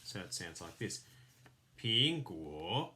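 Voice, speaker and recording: A man's voice: mid-range voice, expressive, measured pace, fairly bright tone. A man teaching a children's class, giving patient step-by-step craft instructions. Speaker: primary school teacher.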